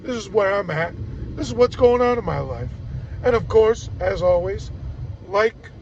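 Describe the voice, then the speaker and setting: A man's voice: high-pitched, expressive, unhurried, dull audio, slight background noise. A man ranting casually to camera in a rambling, wry way, mimicking other people as he goes. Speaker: vlogger.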